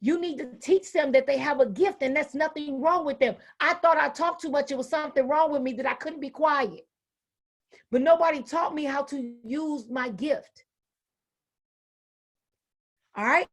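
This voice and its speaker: A woman in her fifties with a bright, high voice speaks to a room of educators. She is animated and folksy, and she slips quoted characters into her talk. Her delivery is plain-spoken and punchy. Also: normal speed. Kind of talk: motivational talk.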